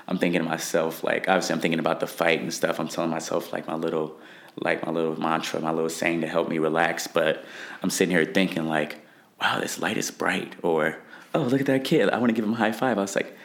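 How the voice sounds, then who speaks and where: A young man, a fighter, answering interview questions in a rambling way, full of "like" fillers. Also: sits low.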